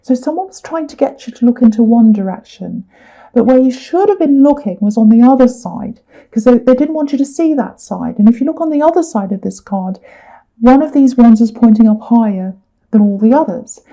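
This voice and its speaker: A woman's voice: fairly high pitch, lively intonation, fairly quick, mellow, poor audio. A woman giving a chatty tarot reading, full of fillers and repeated words. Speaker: tarot reader.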